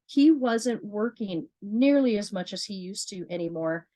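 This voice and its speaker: Female trainer, mid pitch, earnest and chatty, dry studio sound. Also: animated, a little slow, dark tone, no echo, low-quality recording. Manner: earnest, repeats words, asks herself questions. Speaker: business trainer. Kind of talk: motivational sales training talk.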